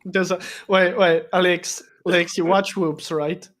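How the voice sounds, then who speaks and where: A man's voice: high voice, level tone, a little slow, a bit bright, faint music behind. A man joking and telling playful stories on a casual group voice call. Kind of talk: casual chat.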